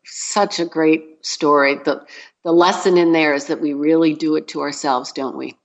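A woman's voice: low voice, steady tone, normal speed. A woman hosting a radio interview, enthusiastic and affirming toward her guest. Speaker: radio show host.

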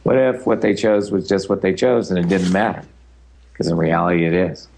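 An older man with a notably deep, low-pitched voice speaks in an easygoing, loose way. He rambles through his answers in a relaxed interview, with a teasing edge now and then. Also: brisk. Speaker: guest speaker and facilitator.

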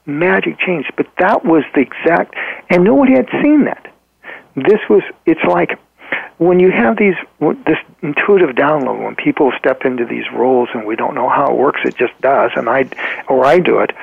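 A man telling a client story as a guest in a podcast interview, earnest and halting, with frequent ums and restarts. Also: a little high, gravelly, breathy edge, no echo. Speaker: guest therapist. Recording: tinny phone-like line.

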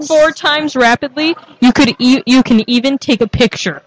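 A woman's voice: sits high, normal speed, rough recording. A young woman co-hosting a casual tech chat, upbeat and giggly as she presents a gadget segment.

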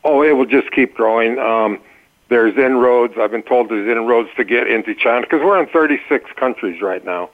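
An older man, a guest on a radio interview, telling his story in a relaxed way. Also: medium pitch, moderate pace. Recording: tinny phone-like line.

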